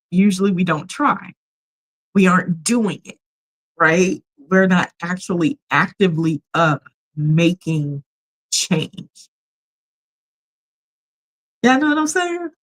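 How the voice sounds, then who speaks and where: A woman's voice: lowish voice, expressive, a little slow, long pauses, rough recording. A woman hosting a casual livestream, chatty and emphatic, with a polished radio voice. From United States. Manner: chatty, emphatic, often laughs and reads chat messages aloud. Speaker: livestream host.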